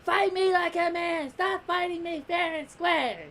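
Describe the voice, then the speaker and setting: A man voicing a vain female alien warrior from a cartoon, scolding in a shrill, drawn-out way. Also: pushed and bright, a little hiss or hum, exaggerated voice. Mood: fierce.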